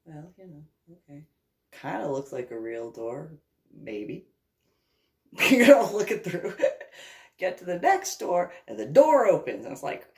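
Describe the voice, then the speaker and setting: A woman's voice: deep voice, darkish tone. A woman from New Jersey telling a rambling personal story, laughing often and acting out the dialogue. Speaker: vlogger. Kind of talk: casual storytelling.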